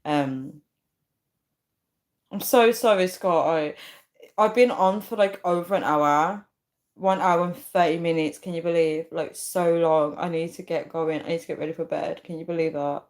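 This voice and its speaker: A woman hosting a livestream, talking loosely to her viewers and answering their comments. Her voice sits fairly low for a woman, and she often trails off and starts over mid-sentence. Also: normal speed. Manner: chatty, trails off and restarts, reads comments aloud. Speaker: YouTube live streamer. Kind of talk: casual live-stream chat reading comments.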